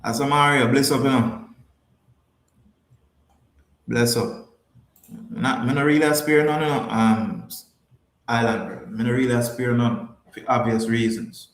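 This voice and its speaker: Jamaican male podcast host, mid-pitched, loose and emphatic, repeats himself, talks to viewers live, echoey room. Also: fairly even intonation, unhurried, long pauses. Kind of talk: casual livestream chat, answering viewers.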